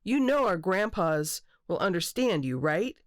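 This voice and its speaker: A caring girl who speaks calmly and reassuringly, close to the reader's own low voice, as a woman reads her. Dry, close sound. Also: measured pace, no echo.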